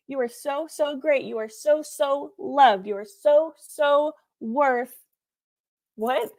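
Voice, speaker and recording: A woman's voice: sits high, moderate pace, darkish tone. A woman hosting a livestream from home, giving viewers an earnest, repetitive pep talk with playful asides. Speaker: livestream host.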